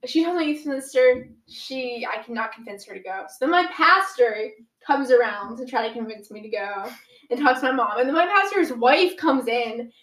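A teenage girl recounts a story in a casual, animated way, sprinkling in "like" and acting out what everyone said. Her voice sits a little high. The room around her has a noticeable echo. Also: moderate pace. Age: teens. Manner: animated, dramatic retelling with many "like"s.

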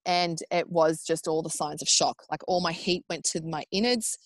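A woman's voice: sits low, normal speed, no room sound. Chatty Australian woman, dry close sound. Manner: animated, acts out quoted speech in raised voices; chatty with frequent fillers like "like" and "um". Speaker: podcast guest. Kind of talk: casual chat, personal storytelling.

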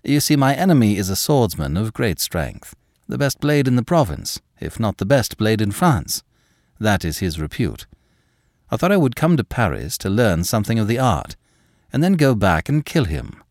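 A man voicing a young, quick-witted male former lawyer who talks earnestly and self-assuredly. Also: fairly low pitch, big pitch swings, dry recording, studio quality.

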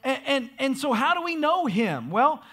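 A man's voice: very high-pitched, very animated, moderate pace, sharp tone. A man preaching a sermon in a church, emphatic and repetitive. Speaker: pastor. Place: church sanctuary.

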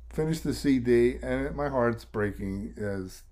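A man's voice: medium pitch, a little slow, dark tone. A middle-aged American man, a songwriter and singer, telling rambling stories in a casual interview and quoting others along the way. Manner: rambling storyteller, quotes others in voices, emotional at times. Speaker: songwriter and lead singer, guest.

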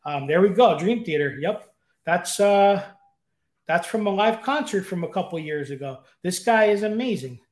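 A man's voice: high voice, lively intonation, moderate pace, roomy sound. A man chatting casually as a podcast guest, talking eagerly and rambling with fillers. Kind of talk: casual chat. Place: room at home with guitars.

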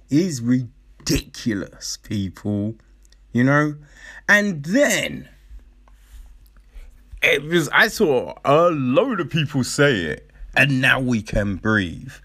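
A man rants in casual commentary, swearing freely and sounding incredulous and exasperated. His pitch leaps and swoops all over the place, yet he takes his time and stretches out the words he wants to land. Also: sing-song, slow pace, fairly bright tone, breathy edge.

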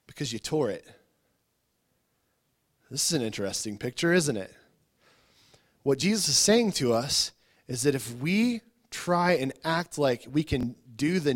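A male pastor giving a conversational sermon, informal, often repeating words and asking the congregation questions. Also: a little high.

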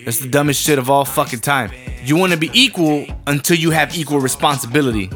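A man's voice: on the high side, fast, a bit bright, faint music behind. A man ranting casually and heatedly, swearing constantly, rambling and restarting his thoughts. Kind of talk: profane casual rant.

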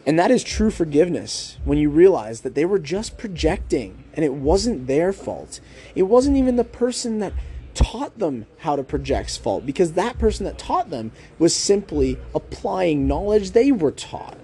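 A man's voice: on the high side, very animated, dark tone, slightly rough. A young man hosting a podcast, talking through a book in a casual monologue, shaping his tone up and down on purpose and tossing in rhetorical questions. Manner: deliberate, rising and falling tone to keep listeners hooked; conversational, with filler "like" and rhetorical questions. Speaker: podcast host.

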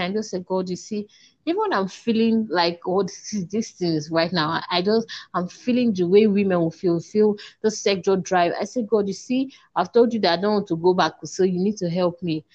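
Earnest woman, muffled sound. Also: mid-range voice. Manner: earnest, repeats herself, slows and drops to a hush when recalling prayers. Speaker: interview guest. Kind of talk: emotional personal testimony.

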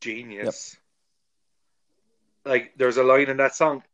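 A man's voice: medium pitch, fairly even intonation, slow, fairly bright tone, highs cut off. Chatty male podcast host. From Ireland. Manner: gushing, chatty, jokey. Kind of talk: casual chat.

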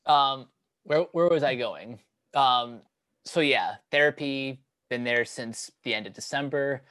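A young man talking casually on a podcast, halting with many fillers and restarts. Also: medium pitch, fairly bright tone, dry recording. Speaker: podcast co-host. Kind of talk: casual chat.

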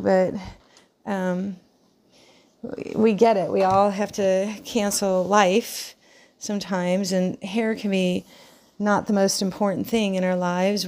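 A woman's voice: mid-range voice, gravelly, a little mellow. A middle-aged woman who works as a hairdresser, hosting her own podcast in a casual, rambling way with many fillers and restarts. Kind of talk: casual solo podcast talk.

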